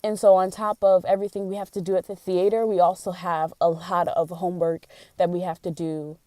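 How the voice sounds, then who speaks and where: A woman's voice: on the low side, little pitch movement, brisk, mellow, no echo. A young woman, a college theater student, talking candidly in a casual vlog as she vents her frustrations. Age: young adult.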